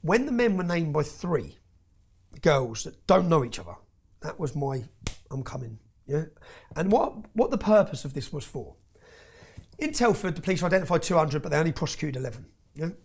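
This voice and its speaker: A man's voice: a little high, sing-song, normal speed, vocal fry, slightly rough. A man telling his story as an interview guest, intense and emphatic, often tagging his points with "yeah?". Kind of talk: heated personal storytelling.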